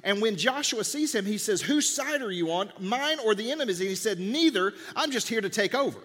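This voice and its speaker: A man's voice: high voice, animated, a little fast, a bit bright, in a large hall. A man preaching a sermon in a church, talking conversationally and acting out the dialogue of biblical scenes. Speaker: pastor. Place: church sanctuary.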